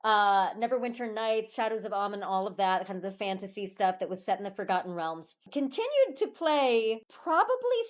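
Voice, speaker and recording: Brief: lively woman guest, expressive storyteller with laughs, a bit tired, mid voice. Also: mid-range voice, normal speed, few pauses. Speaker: guest voice actor. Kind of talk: casual interview chat.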